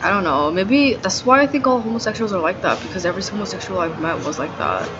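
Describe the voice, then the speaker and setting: A woman's voice: mid-range voice, animated, fast, over music. A woman ranting in a video diary, venting her grievances in a profane, aggrieved way and saying "like" again and again. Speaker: video diarist. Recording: dull lo-fi audio with noisy background.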